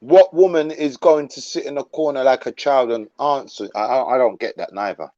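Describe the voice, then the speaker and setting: A man's voice: mid-range voice, moderate pace, mellow. Laid-back man on a dull lo-fi line. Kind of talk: casual live-stream chat. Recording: dull lo-fi sound.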